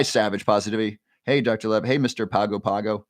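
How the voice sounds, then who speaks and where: A man's voice: lowish voice, steady tone, fast. A man of forty hosting a casual livestream, reading viewer comments aloud and greeting each by name in an upbeat way. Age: 40s. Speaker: livestream host.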